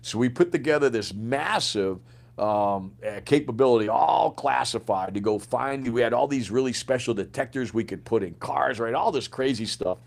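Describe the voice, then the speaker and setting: A middle-aged man talks through his past in a relaxed interview, with easy swearing and plenty of "man" and "right?". His voice sits at an ordinary male pitch. He drops into the voices of the people in his stories as he goes. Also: normal speed, creaky. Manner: profane, animated, acts out quoted dialogue. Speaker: podcast guest, former Green Beret sergeant major. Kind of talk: casual storytelling.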